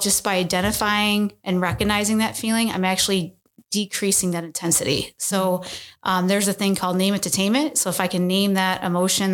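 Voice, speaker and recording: A woman's voice: medium pitch, a bit bright. A woman in her thirties, a podcast guest, explains things earnestly in a casual interview and often checks in with "right?".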